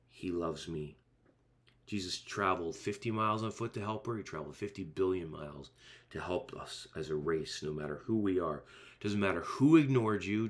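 A male pastor preaching a sermon in an earnest, emphatic way, driving points home with repeated rhetorical phrases. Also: low-pitched.

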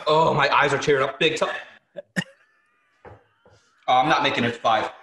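A man's voice: mid-range voice, steady tone, normal speed, sharp tone, echoey room. A man on a gaming podcast, groaning and joking through a spicy chip challenge. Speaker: podcast host. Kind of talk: casual group chat.

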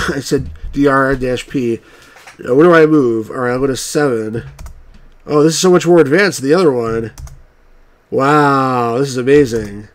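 A man's voice: medium pitch, normal speed. A man hosting a let's-play of old computer games, reading the on-screen text aloud and tossing in wry, grumbling remarks. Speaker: game reviewer and channel host.

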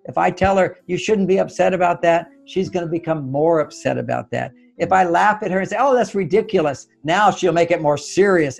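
An older man with a high, gravelly voice tells stories as a guest, acting out the voices of himself and his wife. Faint guitar music plays underneath. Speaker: relationship author as guest. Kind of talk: animated storytelling advice.

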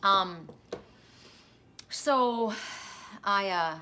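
A woman's voice: mid-range voice, extremely slow, pushed and bright, a little hiss or hum. A middle-aged woman, a tarot reader, telling a personal dream story in a rambling, self-interrupting way. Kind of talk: casual spoken storytelling.

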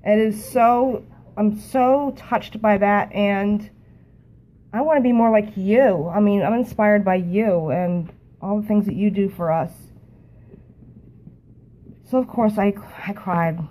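A woman talking to a phone camera in an emotional, halting way, often repeating herself. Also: medium pitch, dark tone, low-quality recording. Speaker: network marketing team member. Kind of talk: emotional casual talk to camera.

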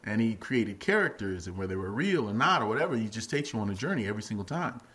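A middle-aged man talks as a guest on a casual podcast, swinging his pitch up and down as he tells stories about his stand-up. His voice is bright and forceful, and he laughs easily between lines. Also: quick pace. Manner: animated, acts out quotes in a much higher voice, laughs often. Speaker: guest comedian and actor. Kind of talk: casual podcast interview storytelling.

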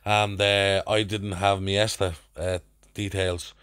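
A man's voice: low voice, flat delivery, slow pace, a bit bright, smooth. A young Irish man with a Dublin accent telling a drunken anecdote as a podcast guest, with crude slang and acted-out voices. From Ireland. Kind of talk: casual storytelling.

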